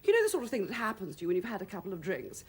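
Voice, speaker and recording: A woman's voice: medium pitch, wildly swooping pitch, racing, breathy edge, exaggerated voice. An actress playing a brash, tipsy society woman in a period television drama, gushing in affected upper-class chatter.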